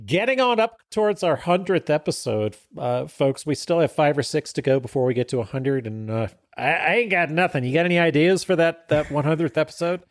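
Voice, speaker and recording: A man co-hosting a podcast in casual chat, easygoing and quick to laugh. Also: fairly high pitch, lively intonation, no room sound, studio quality. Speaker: podcast co-host.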